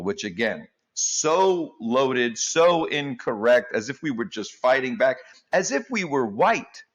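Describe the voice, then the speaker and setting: Male comedian as interview guest, mid-pitched, animated, jumps into bits. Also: unhurried, lo-fi sound. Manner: animated, jokey, acts out quotes.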